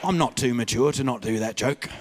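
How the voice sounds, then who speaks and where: A man doing a stand-up comedy set, telling stories in a loud, animated way with shouted bits. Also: medium pitch, brisk.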